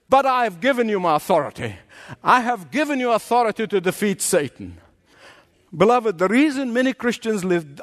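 A man's voice: sits high, fairly bright tone, long reverb tail. A man preaching a sermon as a pastor, with passionate delivery and frequent rhetorical questions to the congregation.

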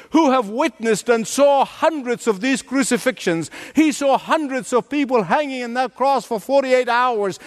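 A man preaching a sermon as pastor in a church, deliberate and emphatic, building his points through repeated phrases. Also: very high voice, long reverb tail.

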